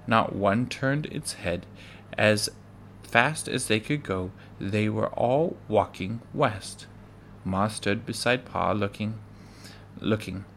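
A man reading a children's book aloud, measured and with occasional stumbles. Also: fairly low pitch, fairly bright tone, a little hiss or hum. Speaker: reader.

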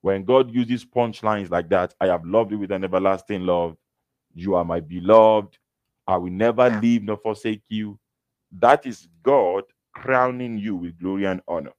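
A man preaching a sermon, teaching scripture slowly and emphatically with repetition. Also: fairly low pitch, darkish tone, no echo, muffled recording.

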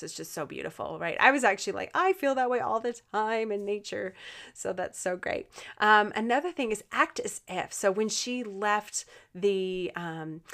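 A woman's voice: medium pitch, a bit bright. Earnest, encouraging woman speaker. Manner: earnest, encouraging, addresses listeners directly; chatty with frequent fillers and restarts. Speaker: motivational speaker. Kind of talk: casual motivational talk.

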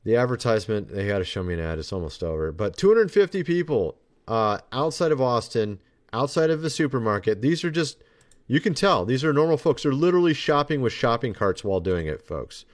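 A man's voice: mid-range voice, big pitch swings, brisk. A man hosting his own podcast, talking in a loose, rambling way and turning sarcastic often. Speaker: podcast host. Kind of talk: casual commentary monologue.

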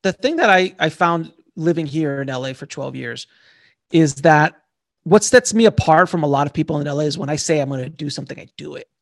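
Gravelly animated storyteller, a man. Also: fairly high pitch, fairly quick, no room sound, studio quality. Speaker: author guest. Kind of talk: casual interview storytelling.

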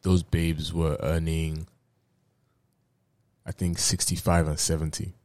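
A man hosts a casual podcast in a very low voice. He talks in a laid-back way, swears freely and drops in slang, and the recording is dry and close with no room sound. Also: little pitch movement, slow pace, a little mellow, no room sound. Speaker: podcast host. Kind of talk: casual chat.

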